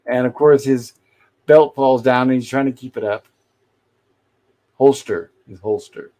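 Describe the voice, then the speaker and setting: A man's voice: medium pitch, steady tone, moderate pace, mellow. A man hosting a casual livestream, recapping an old sitcom episode and acting out bits of dialogue as he goes. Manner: retells scenes, briefly acting out lines. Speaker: podcast host reviewing a classic sitcom.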